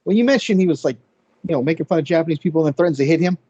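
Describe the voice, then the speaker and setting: A man co-hosting a casual podcast, joking around with quick comebacks. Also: a little high, mellow, slightly rough, no room sound, highs cut off. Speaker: podcast co-host.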